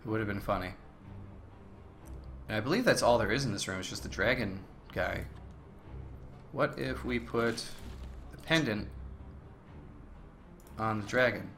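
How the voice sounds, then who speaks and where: A man hosting a let's play, reading game text aloud between relaxed, casual remarks. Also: lowish voice, unhurried, pauses often, soft background music. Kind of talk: casual gameplay commentary.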